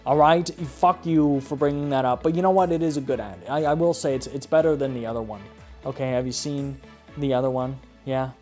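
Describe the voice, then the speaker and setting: Soft background music accompanies a Canadian video host whose mid-range, darkish voice runs a little fast. Exasperated and profane, he rants about bad ads, repeatedly asking "okay?".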